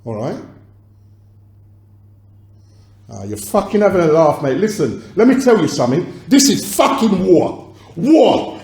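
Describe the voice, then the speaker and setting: Guy doing angry label boss yelling down the phone, swearing, lots of questions, echoey. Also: sits high, big pitch swings, normal speed. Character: angry male London record boss on phone. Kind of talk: dramatized film phone calls.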